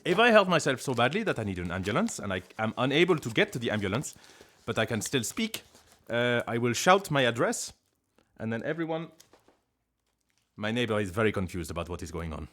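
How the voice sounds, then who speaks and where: With big pitch swings, a mid-range voice, a slightly bright tone and a somewhat fast pace, this man chats casually on a live stream indoors at home. He's a streamer and voice actor, rambling in English with a mock French accent and joking at his own expense.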